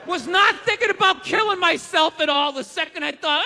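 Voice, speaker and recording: A man in his forties doing a stand-up comedy routine on a live stage, ranting, swearing and often shouting. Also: very high-pitched, normal speed. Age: 40s. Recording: live show with reverb and crowd noise.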